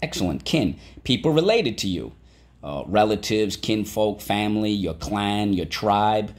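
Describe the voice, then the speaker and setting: A man's voice: fairly low pitch, lively intonation, a little slow. A male teacher giving a patient vocabulary lesson for children, spelling words out and asking the class to repeat them.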